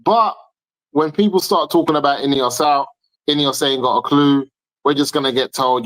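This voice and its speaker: A man's voice: mid-range voice, moderate pace, a bit bright, low-quality recording. A man arguing his point emphatically in a heated football debate, repeating himself for stress.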